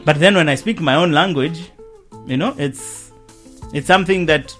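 Brief: African male host, slightly high voice, measured and thoughtful, faint music underneath. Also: a bit bright. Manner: measured, reflective, uses quoted voices. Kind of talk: conversational discussion.

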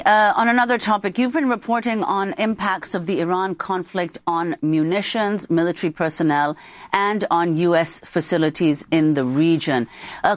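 A woman co-hosting a news show, asking a guest a brisk, formal question. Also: fairly low pitch, no room sound.

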